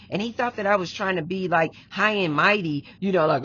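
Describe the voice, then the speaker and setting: A woman's voice: lowish voice, lively intonation, brisk, hardly any pauses, fairly bright tone, husky, highs cut off. A woman vlogger telling a personal story in casual, emphatic speech, repeating herself and addressing her viewers directly. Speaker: relationship advice vlogger.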